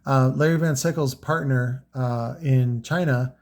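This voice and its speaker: Unscripted and loose, this product talk comes from a car audio seller who rambles with lots of fillers and profanity. He speaks unhurriedly in a mid-range voice with fairly even intonation.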